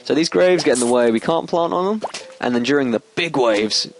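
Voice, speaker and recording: A man's voice: brisk, slight background noise, poor audio. Chatty man narrating a game. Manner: chatty, explains as he plays, sudden squeaky excited outbursts. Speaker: gameplay commentator. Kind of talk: let's play commentary. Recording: game music playing behind. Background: game music.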